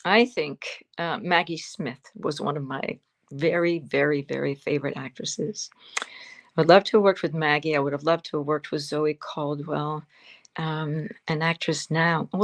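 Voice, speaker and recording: Older woman, 70s, lowish voice, fond reflective storyteller, interview guest. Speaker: guest actress. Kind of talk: interview answers over a livestream.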